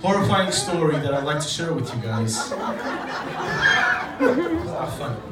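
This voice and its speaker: A man's voice: on the high side, lively intonation, moderate pace, recorded from a distance, a loud crowd, very noisy. A man from Djibouti doing a casual, profane stand-up routine in a comedy club. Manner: casual, profane, self-deprecating storytelling to a live audience. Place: comedy club stage with audience laughter. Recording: echoey club recorded from afar, loud ambience.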